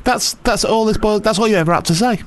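This is a male radio host, his voice sitting a little high for a man. He chats casually and teases his guest relentlessly, with plenty of swearing and laughter. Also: quick pace. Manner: teasing, swears freely, laughs often. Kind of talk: casual banter.

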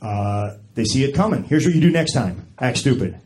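A man's voice: medium pitch, lively intonation, normal speed. A man doing a stand-up routine, telling stories to a crowd in a chatty, conversational way. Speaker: stand-up comedian. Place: comedy stage with live audience. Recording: loud crowd laughter and room noise.

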